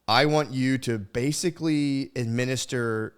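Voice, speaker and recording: A man's voice: medium pitch, unhurried, clear, resonant tone. Rambling, profane man on a podcast. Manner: rambling and profane, with frequent fillers. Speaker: podcast host. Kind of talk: casual solo podcast monologue. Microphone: studio microphone.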